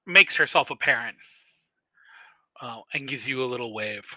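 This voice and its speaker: A man narrating as storyteller in a tabletop role-playing game, halting with frequent pauses and restarts. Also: medium pitch, animated, pushed and bright, no echo, dull audio. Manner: halting, many fillers and restarts.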